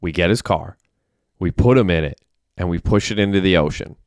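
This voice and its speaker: A man's voice: sits low, fairly quick, darkish tone, dry recording, studio quality. A man doing an eager, scheming young ex-soldier.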